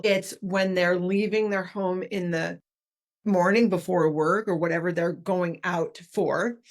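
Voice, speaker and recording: Podcast guest, female, author-consultant; explains with acted-out examples, mid-pitched voice. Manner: animated, demonstrates tones of voice while explaining. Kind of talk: podcast interview.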